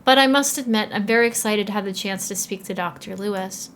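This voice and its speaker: A woman's voice: mid-range voice, fast talker, fairly bright tone, slight background noise, close to an everyday voice. Polite unsure young reporter voiced by a woman, mild and courteous, game narration. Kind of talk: first-person game narration read aloud.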